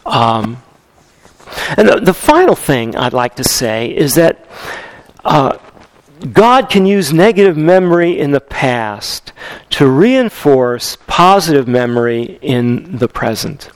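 A man preaching a sermon in a conversational, animated way, repeating key lines for emphasis. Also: mid-range voice, takes it slowly, smooth, dry recording, rough recording. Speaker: pastor.

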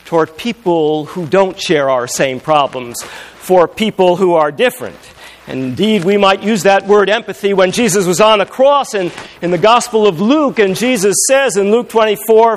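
A man preaching a sermon, moving between loud, emphatic passages and hushed, intimate storytelling. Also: sits high, expressive, a little slow.

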